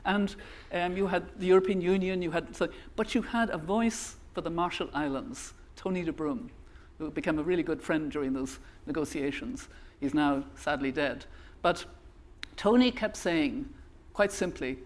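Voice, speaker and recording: An older Irish woman in her seventies giving a conference keynote speech in a measured, earnest way, with small restarts. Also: on the low side. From Ireland. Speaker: keynote speaker.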